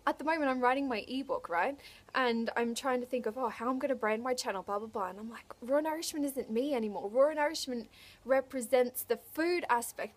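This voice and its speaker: Tearful high-voiced woman vlogging. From Australia. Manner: emotional, choked up, halting with restarts. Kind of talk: unscripted to-camera vlog.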